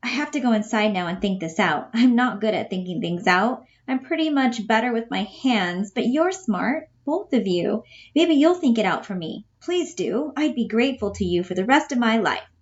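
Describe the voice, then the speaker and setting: A woman's voice: a little high, animated, normal speed, highs cut off, pitched above the performer's own voice, natural voice. Bella, a woman reading as a pleading hopeful woman. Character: simple, sweet adult woman, hopeful and eager.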